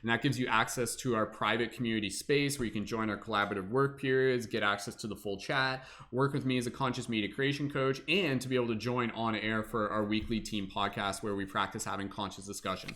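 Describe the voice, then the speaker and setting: A man's voice: on the low side, steady tone, fast talker, hardly any pauses, pushed and bright. A young man hosting a livestream, talking in a casual, upbeat way and addressing the chat. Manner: upbeat, chatty, many fillers, laughs often. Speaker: livestream host.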